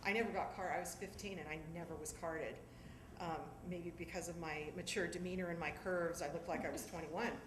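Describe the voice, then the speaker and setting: Animated woman telling a story on stage. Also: fairly low pitch, fairly quick, background noise. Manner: animated, laughing, acting out scenes. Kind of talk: live one-woman stage show. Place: theatre with audience. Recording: echoey theatre with live audience.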